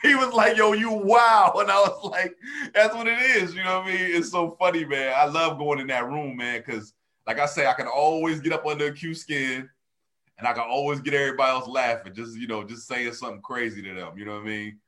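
In a quick, mid-range voice, a male comedian who co-hosts a podcast chats casually and tells lively stories. He mimics the people he's quoting and often breaks into laughter.

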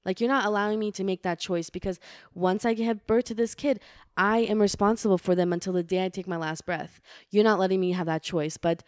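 A woman's voice: mid-range voice, steady tone, a little fast, smooth, dry recording, clean studio sound. A young woman in casual chat, ranting bluntly and swearing.

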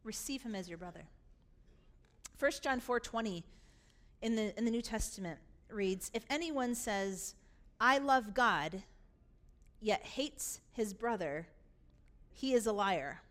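A woman's voice: mid-range voice, expressive, unhurried. A woman pastor preaching a sermon, acting out the father's words with emphatic, rising force. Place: church sanctuary.

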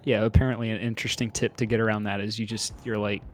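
A man's voice: on the low side, level tone, fast, soft background music. A man hosting a podcast in casual chat, laid-back and rambling with lots of hesitation. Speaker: podcast host.

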